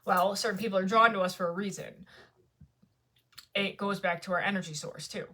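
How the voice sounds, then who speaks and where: Bright-voiced woman vlogger rambling casually. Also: medium pitch, steady tone, a little fast. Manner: rambling, conversational, many fillers. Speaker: spiritual vlogger. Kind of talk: casual talk to camera.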